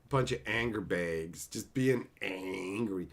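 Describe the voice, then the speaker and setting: A man's voice: low-pitched, unhurried, gravelly, hardly any pauses, slight background noise. A man hosting a casual livestream, rambling and mocking with lots of swearing as he answers viewers in chat. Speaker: livestream host.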